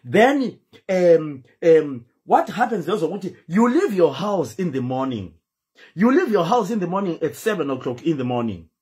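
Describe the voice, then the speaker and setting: Zimbabwean male streamer, high animated voice, emphatic and pleading. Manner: pleading, emphatic, switches between English and Shona. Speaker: host. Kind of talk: impassioned live-stream talk.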